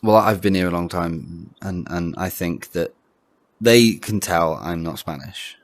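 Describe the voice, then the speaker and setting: A man's voice: low-pitched, unhurried, no echo. A Welsh-born man co-hosting a casual podcast chat, laughing often and restarting his sentences. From Wales. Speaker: podcast co-host.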